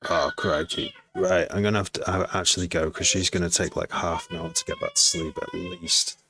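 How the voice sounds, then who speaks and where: A man's voice: sits low, huge pitch swings, moderate pace, bright, forceful tone. A man from Cheshire chatting casually and rambling with asides while he streams a music production session. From Cheshire, England. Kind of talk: casual livestream chat.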